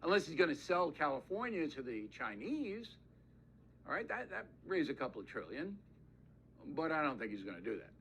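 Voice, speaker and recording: Male news commentator, high lively delivery, blunt and folksy, drawn-out emphasis. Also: slight background noise. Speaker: political commentator in played clip.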